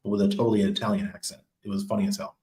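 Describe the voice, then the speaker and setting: A man's voice: fairly low pitch, flat delivery, racing, warm tone. Chatty man streaming in an echoey room. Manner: loose, chatty, laughs often, trails off with ums. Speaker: crypto livestream host. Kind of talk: casual livestream chat reading viewer comments.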